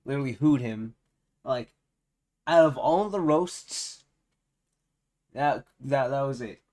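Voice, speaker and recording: Slow, rambling male streamer. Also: mid-range voice, darkish tone. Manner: rambling, filler-heavy, amused. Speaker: streamer reacting to a video. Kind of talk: casual reaction commentary.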